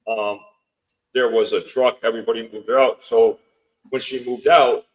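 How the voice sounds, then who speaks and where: A man's voice: medium pitch, steady tone, measured pace, poor audio. A man speaking as a podcast guest, telling a long story casually, quoting what others said again and again, with many restarts and fillers. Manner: retells events with lots of quoted dialogue; rambling, with restarts and filler words. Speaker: podcast guest, house owner.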